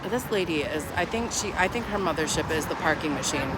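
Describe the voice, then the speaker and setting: A woman's voice: sits low, expressive, brisk. A woman livestreaming on a phone outdoors, chatting casually in a mocking, sarcastic way. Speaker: livestreamer at a street protest. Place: outdoors on a city street. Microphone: phone held while streaming. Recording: outdoor street noise with passing traffic.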